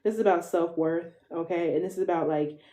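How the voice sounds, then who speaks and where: In a live tarot reading, a young woman in her twenties chats away in loose slang and keeps asking "okay?" after almost everything. Her mellow voice runs on the low side at a fairly quick clip.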